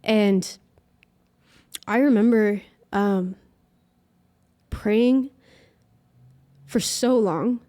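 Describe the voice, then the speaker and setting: Young adult woman, interview guest; earnest, emotional, halting storyteller. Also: mid-range voice, mellow. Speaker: guest musician. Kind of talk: personal faith story in an interview.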